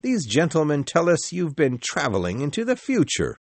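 A man's voice: fairly high pitch, huge pitch swings, moderate pace, no echo, pitched above the performer's own voice, exaggerated voice. A man reading the lines of a male journalist who teases and mocks, in a storybook. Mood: teasing. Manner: teasing and mocking.

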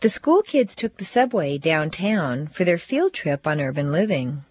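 Woman, pronunciation teacher, exaggerated stress drills, lower voice, dry, lo-fi recording. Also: big pitch swings, darkish tone, no echo. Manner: slow, deliberate, exaggerated stress and intonation.

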